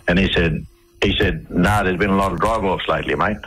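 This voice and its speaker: A man's voice: sits low, fairly even intonation, a little fast, fairly bright tone, breathy edge, poor audio. An Australian man talking as a radio interview guest, telling his stories in a rambling way with many fillers and restarts. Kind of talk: conversational storytelling.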